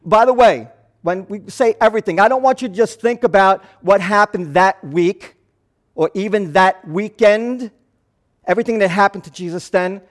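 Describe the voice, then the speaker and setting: Preaching from the pulpit, a man tells the story with animation, moving back and forth between loud passages and hushed ones. He's a pastor whose high-sitting voice keeps a moderate pace.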